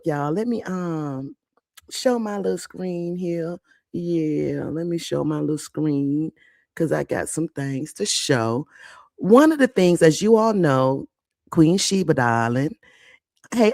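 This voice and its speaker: A woman's voice: on the low side, expressive, slow pace, a little mellow, no room sound, studio quality. A woman hosting a casual livestream, chatty and blunt with salty slang, greeting viewers by name. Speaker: livestream host.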